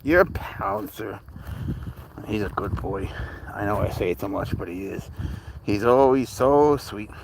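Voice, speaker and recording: A man's voice: on the low side, normal speed, creaky, noisy background. Guy chatting on a cat livestream outdoors, rambly, talks to his viewers and his cat. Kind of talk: casual live-stream chat.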